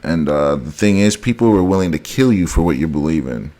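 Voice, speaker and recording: Deep-voiced man ranting to viewers. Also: lively intonation, fairly quick, mellow. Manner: heated, repetitive, addresses viewers as guys. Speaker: vlogger. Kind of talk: ranting monologue to camera.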